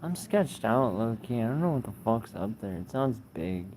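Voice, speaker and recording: A man's voice: medium pitch, big pitch swings, normal speed, darkish tone, a little hiss or hum. A young man hosting a casual livestream outdoors under a tree, reading viewer comments aloud in a laid-back, slangy, profane way. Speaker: livestream host.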